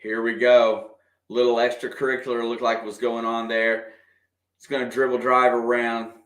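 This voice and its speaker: A man doing casual, partisan play-by-play of a basketball game for a livestream, excitable and quick to react to the officials. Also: medium pitch. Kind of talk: fan play-by-play commentary. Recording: echoey room.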